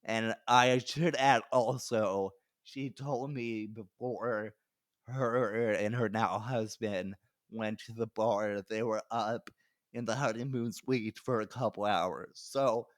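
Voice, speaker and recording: A man's voice: on the low side, steady tone, slow pace, no echo. A young adult male comedian telling a story on a podcast, talking loosely, swearing and laughing as he goes. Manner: loose, rambling, swears, laughs mid-sentence. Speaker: comedian guest.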